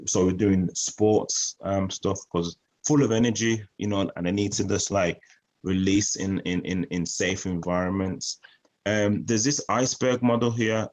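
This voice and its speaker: An earnest man talks through a community presentation, his voice sitting a little low. He often stumbles and repeats a word or two as he works out what to say next, then carries on. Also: darkish tone, poor audio. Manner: earnest, repeats words while searching for phrasing. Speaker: youth project presenter.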